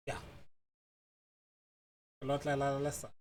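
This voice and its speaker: A man from Botswana teaching language in casual commentary, halting with fillers and restarts. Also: medium pitch, monotone, a little mellow, slight background noise.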